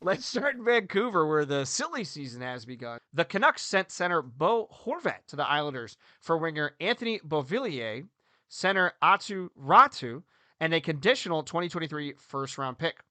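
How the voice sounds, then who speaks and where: Animated, bright-voiced man on a podcast. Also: on the high side, moderate pace, no room sound. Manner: animated, joking, jumps between loud and quiet. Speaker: podcast co-host, hockey coach. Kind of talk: casual sports podcast chat.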